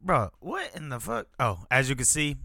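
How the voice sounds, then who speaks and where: A man's voice: mid-range voice, big pitch swings, normal speed, creaky, sharp tone, no echo, studio quality. A man in his thirties hosting a solo podcast, telling a story in a casual, profane way that keeps flaring into irritation. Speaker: podcast host. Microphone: podcast mic without headphones.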